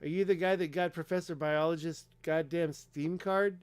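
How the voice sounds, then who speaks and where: A man's voice: a little high, fairly even intonation, normal speed, clean tone, dry recording. A man hosting a casual livestream, talking emphatically and rambling with lots of fillers while clicking through pages. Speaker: livestream host.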